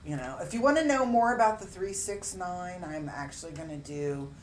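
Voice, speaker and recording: A woman's voice: lowish voice, lively intonation, normal speed, roomy sound, a little hiss or hum. A woman co-hosting a talk show, chatting in a laid-back, playful way with lots of slang. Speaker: co-host. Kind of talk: casual chat. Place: small studio.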